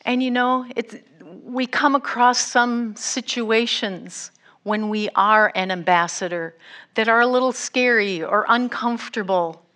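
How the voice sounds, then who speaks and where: A woman's voice: a little high, pushed and bright. A middle-aged woman missionary giving a sermon, telling a story earnestly. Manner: slow, earnest storytelling with acted quotes. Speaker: guest missionary speaker.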